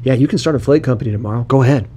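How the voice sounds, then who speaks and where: Podcast guest: man, mellow tone, middle pitch, swears a lot, talks emphatically. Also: rapid-fire, slight background noise. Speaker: guest, paint flake business owner. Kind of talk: casual podcast chat.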